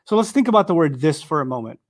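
High-voiced man lecturing on scripture. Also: big pitch swings, fast talker. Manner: explanatory, uses rhetorical questions and examples, recites Arabic. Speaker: Quran teacher. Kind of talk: lecture on Quran verses.

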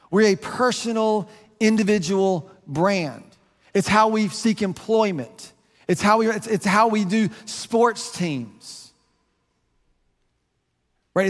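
A man's voice: sits high, big-room sound. A man from the United States preaching a sermon in a conversational way, restarting phrases and adding asides. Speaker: pastor.

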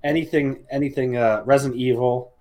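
Dude cohosting a podcast, dry sarcastic jokes, normal pitch. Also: male voice, fairly even intonation, fairly quick, warm tone. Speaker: podcast co-host. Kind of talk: casual comedic chat.

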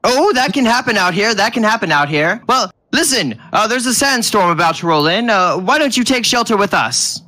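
A man's voice: high voice, animated, moderate pace, few pauses, sharp tone, pitched above the performer's own voice. A man doing a tiny chatty bald desert traveler. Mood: friendly. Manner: folksy, rambling with fillers.

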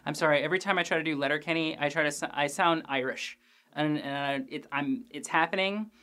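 A young man hosting a podcast, recapping an episode in a casual, animated, jokey way with crude asides and lots of fillers. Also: a little high, a little fast. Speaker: podcast host reviewing a TV episode.

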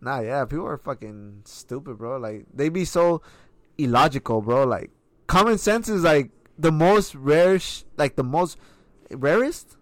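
A man's voice: fairly high pitch, lively intonation, a little slow, no echo. A young man in casual chat, slangy and profane, calling everyone "bro" as he rants.

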